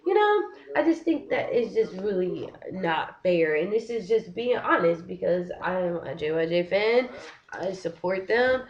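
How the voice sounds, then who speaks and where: A young woman venting on a casual vlog, talking in an animated, frustrated way and filling her sentences with "like". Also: fairly low pitch, unhurried, lo-fi sound. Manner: frustrated, animated, heavy use of "like". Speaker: vlogger. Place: living in Korea.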